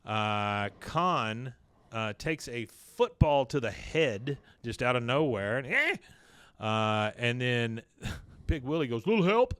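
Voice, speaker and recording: Man, casual podcast recap, animated pitch, quick character voices, dry sound. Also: smooth, no room sound. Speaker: podcast co-host recapping an episode. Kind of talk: casual chat, retelling a cartoon plot.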